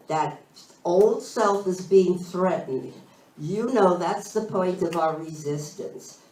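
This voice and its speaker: A woman minister giving a slow, thoughtful spiritual talk, searching for her phrasing as she goes. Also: on the low side, darkish tone, a little hiss or hum. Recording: roomy sound from a distant mic.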